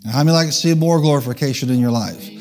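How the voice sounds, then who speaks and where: A man's voice: mid-range voice, racing, darkish tone. A man preaching a sermon, leading the congregation in call-and-response and changing his pace for emphasis. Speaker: pastor. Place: church.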